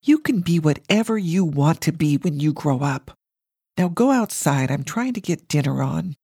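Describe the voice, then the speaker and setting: A woman voicing a brisk, dismissive mother who talks in a matter-of-fact way in a storybook reading. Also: low voice, lively intonation, dark tone, breathy edge, no room sound, clean studio sound, full character voice. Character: brisk, scornful, no-nonsense mother.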